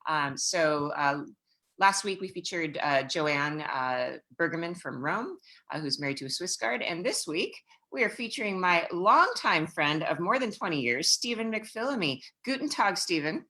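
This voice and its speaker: A woman's voice: lowish voice, animated, normal speed, pushed and bright. A woman hosting a casual video call chat, upbeat and chatty with many fillers. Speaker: host.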